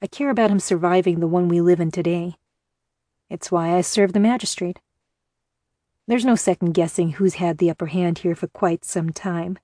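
A woman reading the lines of a grim, pragmatic male captor who talks in a steady, matter-of-fact way. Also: on the low side, normal speed, no echo, clean studio sound, natural voice.

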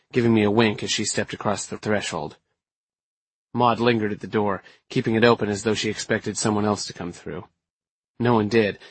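A man reading a first-person story aloud in a steady, measured way. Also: fairly low pitch, slightly rough, no echo. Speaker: audiobook narrator. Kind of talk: first-person scripted narration.

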